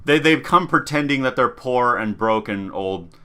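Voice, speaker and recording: A young man co-hosting a casual podcast, retelling a story in a rambling, profane way, laughing as he goes and giving the characters quick voices. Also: medium pitch, expressive, sharp tone, clean tone. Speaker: podcast co-host.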